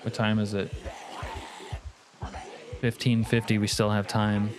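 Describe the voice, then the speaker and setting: A man's voice: fairly low pitch, monotone, measured pace, background noise. Joking, cursing man streaming a game. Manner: profane, jokey, reads chat aloud. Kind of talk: casual live-stream commentary.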